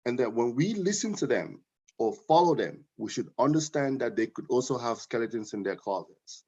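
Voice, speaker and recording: A man giving an earnest, informal speech at a book launch, with halting restarts and repeated phrases. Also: mid-range voice, expressive, dark tone, slightly rough. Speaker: guest speaker praising a novel. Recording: dull lo-fi audio.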